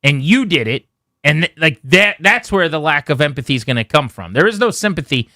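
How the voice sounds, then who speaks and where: A man's voice: a little high, very animated, brisk, bright, forceful tone, dry recording, clean studio sound. A man hosting a sports radio show in casual chat, talking in a chatty way with frequent restarts. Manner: chatty, self-interrupting. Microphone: studio microphone.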